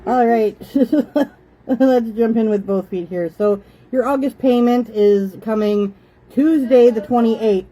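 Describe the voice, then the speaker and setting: A woman in her thirties from Canada talks to her viewers from her living room in a relaxed, chatty way. Her voice is warm and mellow, and she sounds like a busy mother who keeps turning aside to tell her children to eat nicely. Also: on the high side, slow, rough recording. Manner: chatty, motherly, breaks off to scold kids. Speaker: host. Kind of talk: casual home livestream chat.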